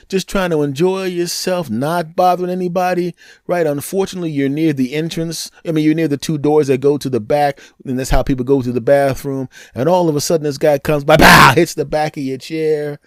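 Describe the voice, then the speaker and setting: A man hosting a podcast, telling a comic story in an animated, sarcastic way, swinging between loud and hushed. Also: a little high, moderate pace, no room sound, studio quality. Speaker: podcast host. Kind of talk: comedic storytelling monologue.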